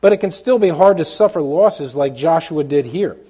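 A man's voice: fairly high pitch, animated, normal speed, mellow, slightly rough. A middle-aged man preaching a sermon, asking his listeners questions and restarting sentences with fillers.

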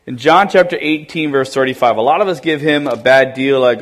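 A man's voice: medium pitch, brisk. A man pastor preaching a conversational, emphatic sermon. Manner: conversational, emphatic, laughs often.

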